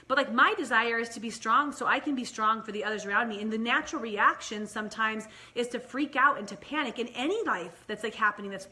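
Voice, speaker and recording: Young woman, vlog host, mother, casual chat to camera, filler-heavy, bright tone, slightly high voice. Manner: chatty, many "like" and "right?" fillers, speeds up and slows down.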